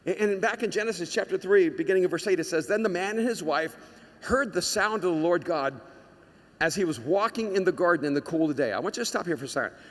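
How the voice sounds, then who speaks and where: Male pastor, sermon, animated storyteller with a high, forceful voice, hall reverb. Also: quick pace. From United States. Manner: storytelling, animated, shouts quoted lines.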